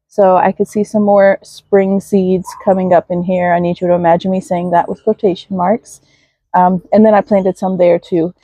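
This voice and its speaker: A woman with a mid-range, darkish voice and no echo gives a casual tour of her outdoor garden. As a garden vlogger, she chats with viewers and talks to her plants in a chatty, self-deprecating way.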